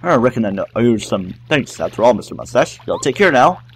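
A man's voice: mid-range voice, big pitch swings, fast. A man voicing an ornery little male bug monster in a game, with a brash folksy drawl. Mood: grudging.

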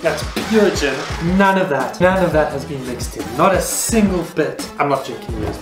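A young man filming a casual challenge vlog as a YouTuber. He is excitable, swears a lot and breaks into loud outbursts. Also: on the high side, moderate pace, roomy sound, over loud music.

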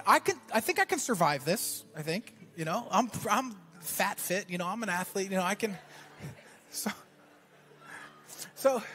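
A man preaching a sermon as pastor, telling a story and then building to shouted exhortation in a church. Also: extremely high pitch.

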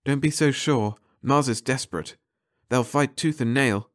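A man's voice: medium pitch, a little slow, no room sound, studio quality, voice pushed up, lightly acted. A man voicing a worried young woman passenger who speaks earnestly and uneasily. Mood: uneasy.

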